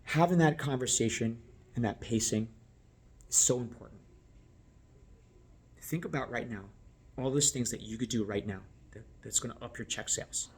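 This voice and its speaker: A man training restaurant servers, talking straight to the viewer in an animated, coaching way and checking that they follow along. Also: mid-range voice, normal speed, long pauses, slight background noise. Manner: acts out guest and server lines. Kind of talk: instructional talk to camera.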